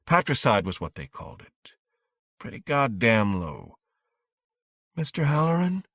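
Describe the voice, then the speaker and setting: A man reading a horror audiobook in a measured, dramatic storytelling manner. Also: lowish voice, sing-song, gravelly, sharp tone, dry recording, studio quality. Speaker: audiobook narrator. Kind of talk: scripted audiobook narration.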